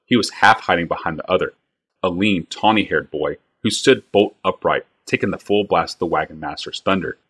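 A man reading a fantasy novel aloud in a steady, measured way. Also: sits low, breathy edge. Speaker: reader.

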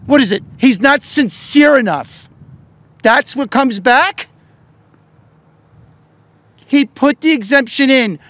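Fired-up middle-aged man shouting a speech. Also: very high-pitched, lively intonation, slow pace, pauses often, no room sound. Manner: shouting, fervent, repetitive rhetorical questions. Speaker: politician and union leader at a press event. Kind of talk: impassioned political speech.

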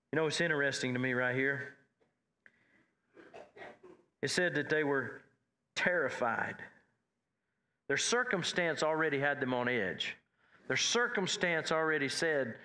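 A man preaching a folksy, repetitive cowboy-church sermon that climbs in pitch and force. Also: bright, forceful tone. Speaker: pastor.

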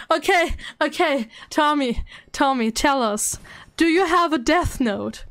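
A woman with a very high, bright-pitched voice hosts a live stream, talking slowly and playfully to her chat. She keeps dissolving into giggles and plays things up with mock drama. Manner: giggly, breaks into laughter often.

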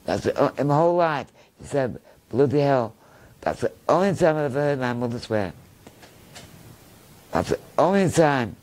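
A middle-aged man with a Manchester accent tells his stories in a loose, rambling way, often circling back and repeating phrases. His voice sits at a medium pitch, and his talk is relaxed and conversational. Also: moderate pace, pauses often, poor audio. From Norway. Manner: chatty, rambling, repeats himself, laughs at his own stories. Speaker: guest. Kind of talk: casual interview storytelling.

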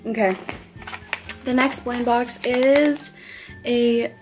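A young woman, a college student, chatting casually as she unboxes blind boxes and gushes excitedly over how cute everything is. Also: on the high side, very slow. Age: young adult. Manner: gushing, excitable, squeals over cute things. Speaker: unboxing vlogger. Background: background music.

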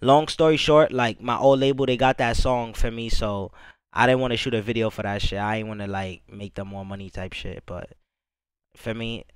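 A man's voice: medium pitch, fairly even intonation, normal speed, clean tone, dry recording, rough recording. A young man reacting to his own music video, rambling in casual chat with lots of "bro" and "you feel me", swearing freely.

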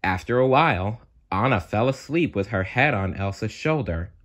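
Animated man reading a storybook. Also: on the low side, normal speed.

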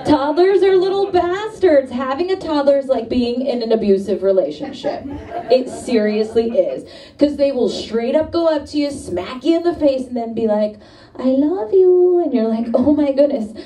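A woman in her thirties performs a stand-up set on a club stage, lively and confiding with the crowd. Her voice is mellow and soft-edged rather than bright. The mic sits a little far from her, so she sounds distant in the room with audience laughter. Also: high voice, normal speed. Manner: animated, puts on voices for quoted exchanges. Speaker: stand-up comedian.

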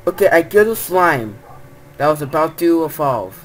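A young woman chatting while playing a video game, lively and quick to yelp and protest. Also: low-pitched. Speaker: gamer. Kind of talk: casual gaming chat.

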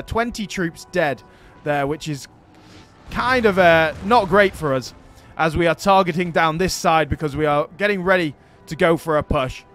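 A man's voice: sits high, fairly bright tone. A man giving chatty, upbeat gameplay commentary as a gaming host. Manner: chatty and upbeat, jokes with himself.

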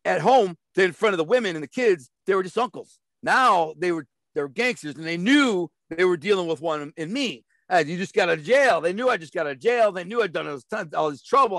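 This Detroit man, a blunt and streetwise interview guest, rambles through stories in a casual interview, repeating words and acting out the voices he quotes. His pitch sits high and a bit bright. The sound is dry and studio quality.

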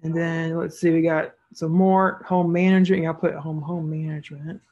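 Woman seller doing a screen tutorial, chatty, thinks out loud step by step. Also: sits low, little pitch movement, normal speed, muffled recording. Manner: casual, thinking aloud while clicking through steps. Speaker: online seller teaching a tutorial. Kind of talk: screen-recorded tutorial narration.

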